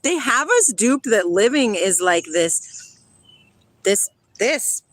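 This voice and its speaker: A woman's voice: a little high, sing-song, takes it slowly, dry recording, poor audio. A woman hosting a casual livestream outdoors by a river on her phone, playful and dreamy, chatting about spiritual ideas and reading out viewer comments. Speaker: livestream host.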